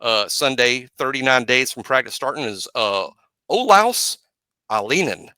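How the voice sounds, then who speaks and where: A man's voice: medium pitch, normal speed, clear, resonant tone, dry recording. A man hosting a sports podcast in casual chat, telling stories and acting out quotes. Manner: storytelling, acts out quotes loudly. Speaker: podcast host.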